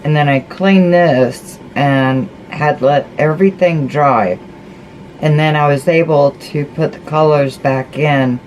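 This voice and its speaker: A woman's voice: low voice, slow pace, darkish tone, slight background noise, poor audio. A woman chatting casually through a craft tutorial, folksy and talking to herself as she paints. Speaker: crafting vlogger.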